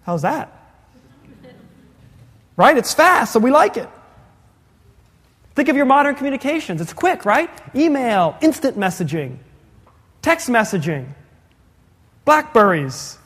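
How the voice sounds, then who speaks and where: A high-pitched man preaches in a chatty, joking way, often asking his congregation questions. His voice rings with a long reverb, as in a church sanctuary. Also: sing-song, a bit bright, slightly rough. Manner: conversational, asks the congregation questions, quick jokey asides. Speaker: pastor. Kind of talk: sermon.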